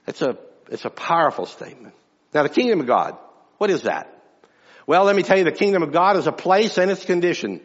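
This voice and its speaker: A fairly high-voiced male pastor preaches to his congregation, conversational but emphatic, often doubling back on his words. His voice rings out in a big church hall with a long reverb tail, and the recording sounds a little dull and muffled. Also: sing-song, a little fast. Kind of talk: sermon. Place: church sanctuary.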